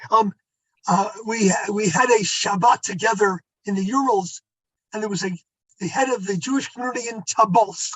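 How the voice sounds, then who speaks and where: A man's voice: sits high, normal speed, a bit bright, breathy edge, no room sound, low-quality recording. An older man, a rabbi, telling stories to an audience in a conversational way, with asides to his listeners. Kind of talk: storytelling talk.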